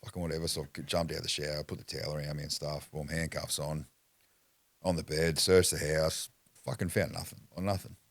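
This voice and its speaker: A man's voice: a bass voice, level tone, brisk, vocal fry, dry recording. An Australian man telling his life story as a podcast guest in blunt, profanity-heavy talk that rambles and restarts. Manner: blunt, swears constantly. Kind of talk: candid personal storytelling.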